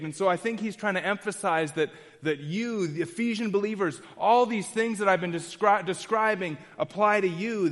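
A man's voice: sits high, moderate pace, few pauses, a bit bright, big-room sound. A man preaching an expository sermon in an earnest, emphatic way, repeating key phrases and restarting often.

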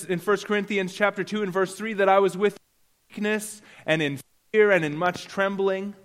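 A man's voice: sits high, in a large hall. A man preaching a sermon as pastor, earnest, asking his congregation rhetorical questions and often repeating words.

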